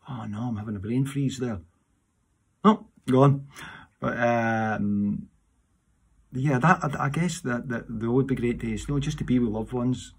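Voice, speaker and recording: A Scottish man, a singer answering audience questions in a rambling, casual chat, animated in his seat and restarting his sentences often. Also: on the low side, vocal fry, slightly rough. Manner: animated while seated.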